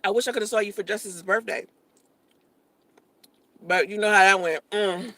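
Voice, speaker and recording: A woman's voice: medium pitch, normal speed, bright, forceful tone, dry recording. A woman in her late thirties hosting a casual livestream, eating and talking with her mouth full, blunt and profane. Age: 30s. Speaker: livestream host.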